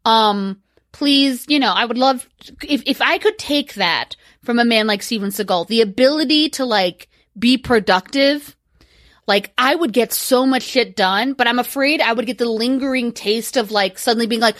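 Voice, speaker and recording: Giggly high-voiced woman podcaster. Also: moderate pace, fairly bright tone, no echo, studio quality. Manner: giggly, profane, rambling. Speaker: podcast co-host. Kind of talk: casual chat.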